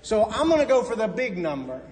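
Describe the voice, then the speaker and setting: A man preaching a sermon, retelling stories and quoting the figures in them, dropping soft and slow at the key points. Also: high-pitched, big pitch swings, big-room sound, slight background noise. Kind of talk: sermon storytelling.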